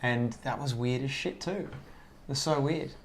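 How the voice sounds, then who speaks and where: A man, a comedian and actor, telling relaxed stories in a casual chat, swearing freely and acting out old conversations. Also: mid-range voice, a little slow, a little hiss or hum. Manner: relaxed, swears freely, acts out past dialogue.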